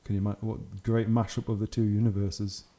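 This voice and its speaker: A man's voice: fairly low pitch, level tone, brisk, mellow. A young man hosting his channel, giving casual, enthusiastic commentary on hobby photos and laughing often. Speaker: channel host.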